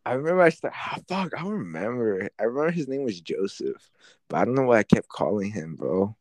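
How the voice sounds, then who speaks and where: A man's voice: mid-range voice, very animated, brisk, no room sound. A young man telling a schoolyard fight story in casual, profane slang, acting out his own past lines.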